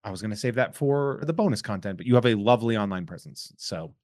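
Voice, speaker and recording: A man's voice: lowish voice, expressive, quick pace, darkish tone, no echo, studio quality. A man hosting a podcast, chatting casually in a rambling, joking, self-deprecating way. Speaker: podcast host. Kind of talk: casual chat.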